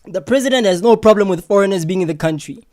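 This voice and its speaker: A man hosting reaction commentary, explaining and teasing in a relaxed, repetitive way. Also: sits high, quick pace, heavy background noise.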